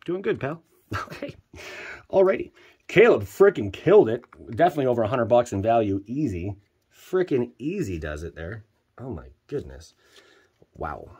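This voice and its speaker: A man casually commenting as he opens card packs for viewers, excitable and joking, jumping between loud hype and quiet muttering. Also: mid-range voice, normal speed, slightly rough, highs cut off. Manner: slangy, joking, teasing. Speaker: channel host opening card packs for viewers.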